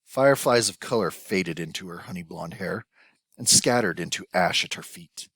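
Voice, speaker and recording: A man reading a novel aloud as an audiobook narrator, in a measured, even scripted narration. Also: low voice, husky, dry recording.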